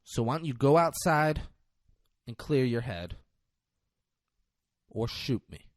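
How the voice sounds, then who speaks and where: A man on a podcast voicing a calm, menacing veteran male cop from a film he retells, in a quiet, coaxing delivery. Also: mid-range voice, slow, no room sound, clean studio sound. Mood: coolly menacing.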